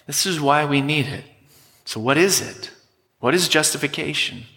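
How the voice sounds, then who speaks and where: A man's voice: on the high side, normal speed, bright, forceful tone. A man preaching a sermon as pastor, emphatic and teaching, leading the congregation in repeating words. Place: church sanctuary. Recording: long hall reverb.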